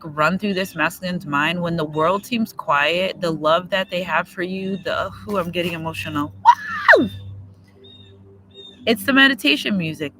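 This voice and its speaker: Bright high-voiced man doing chatty card readings. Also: a little hiss or hum, poor audio. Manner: chatty, repetitive, breaks into sung lyrics, gets emotional. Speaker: tarot reader. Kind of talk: casual livestream card reading. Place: outdoors near trees and a road.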